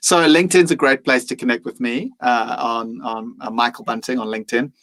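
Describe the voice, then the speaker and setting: A man's voice: medium pitch, fairly even intonation, brisk, fairly bright tone, rough recording. A man speaking as a podcast guest, reflective and earnest, sometimes acting out his own inner voice. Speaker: mindfulness teacher and guest.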